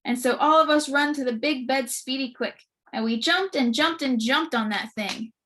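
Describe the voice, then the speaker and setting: A woman reading a children's book aloud with lively, expressive storytelling. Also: sits high, normal speed, a little hiss or hum. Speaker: storybook reader.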